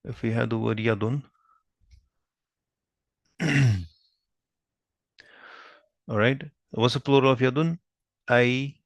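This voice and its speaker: Patient male grammar teacher, gravelly voice. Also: medium pitch, dry recording, studio quality. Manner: patient, checks understanding with frequent "right?"; spells out Arabic terms slowly. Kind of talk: explaining lesson at a whiteboard.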